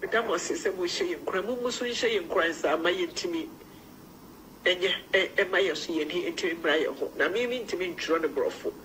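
A woman's voice: on the low side, fairly quick, a bit bright, slight background noise, low-quality recording. Earnest woman calling in, repeating herself. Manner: earnest, repetitive, pleading. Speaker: caller. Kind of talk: emotional phone-in call.

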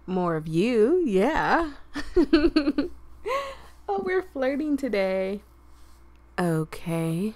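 Hosting a gaming video, a slightly hoarse woman chats with viewers and reads a dating game aloud, laughing and clearing her throat along the way. Her mid-range voice swings widely in pitch, stretches out words, and pauses often.

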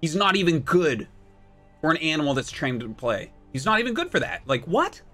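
A man's voice: a little high, very animated, a little fast, sharp tone, soft background music. A man in his thirties, a game streamer, ranting at his chat and his opponents with heavy swearing and exasperation. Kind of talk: live-stream commentary while playing.

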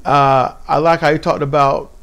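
A man's voice: fairly high pitch, level tone, normal speed, fairly bright tone, clear, resonant tone. A man co-hosting a casual wrestling chat, laid-back and easygoing. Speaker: podcast co-host.

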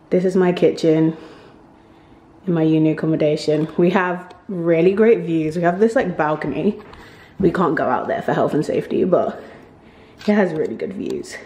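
A woman's voice: sits low, a little mellow, a little hiss or hum. Chatty young woman vlogging. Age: young adult. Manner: chatty, gushing, lots of "like" fillers. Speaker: university student vlogger. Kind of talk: casual vlog chat to camera. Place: kitchen in student accommodation, indoors. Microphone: handheld camera or phone. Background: music playing under the voice.

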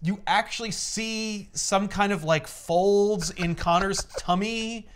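A man casually recapping a comic book for friends, animated and acting out character lines in quick voices. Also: high voice, a little hiss or hum. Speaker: comic podcast host recapping a comic.

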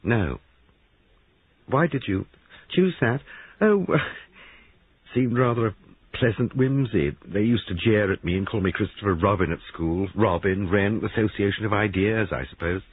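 A man's voice: on the low side, husky, no echo, pitched above the performer's own voice. A man reading aloud and voicing a nervous young army deserter who stammers and halts. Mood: shaken. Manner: halting, stammering, raised voice. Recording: dry, tinny phone-like sound.

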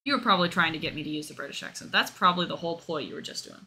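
A woman's voice: low voice, rapid-fire, pushed and bright, a little hiss or hum. A woman streaming a game live, chatting casually, reading out chat and thanking followers. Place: home.

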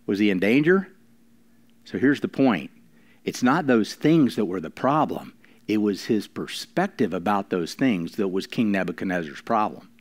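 Male pastor, low voice, preaching in church; emphatic, swings from quiet to raised. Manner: preaching with slowed emphatic lines and sudden quiet drops. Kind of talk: sermon.

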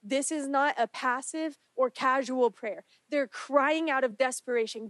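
Woman pastor preaching a sermon, earnest, pleading, slightly raised pitch, dry close sound. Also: normal speed, few pauses, no room sound. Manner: earnest, pleading, rising in intensity during prayers. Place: church sanctuary.

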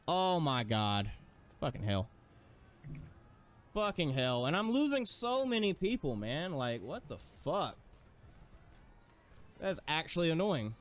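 A man commentating his gameplay, exasperated, swearing and ranting at the game. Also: medium pitch. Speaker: gaming streamer.

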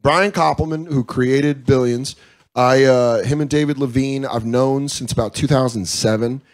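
A comedian guest in candid casual talk, frank and profane, acting out quoted voices. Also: male voice, mid-range voice, steady tone, moderate pace. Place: comedy club.

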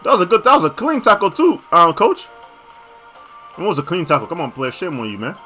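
A young man casually reacting to video clips, slangy and excitable, often bursting into shouts. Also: high voice, a little fast, faint music behind.

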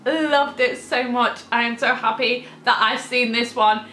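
A woman in her thirties gushes about a song, giggling between her words. Her voice sits high and bright, and she talks at an unhurried pace. The room around her is echoey. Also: fairly even intonation, slight background noise. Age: 30s. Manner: giggly and gushing, breaks into laughter. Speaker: music reaction YouTuber. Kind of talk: excited casual reaction chat.

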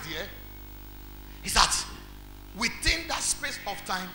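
High, lively Nigerian preacher in an echoey hall. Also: male voice, takes it slowly. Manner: preaches emphatically, quizzing the congregation; builds to shouts. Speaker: pastor. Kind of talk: sermon. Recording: echoey hall with faint music.

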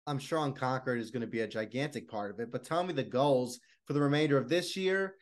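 A man hosting an interview, asking eager questions with some halting and fillers. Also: medium pitch. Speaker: interviewer, host.

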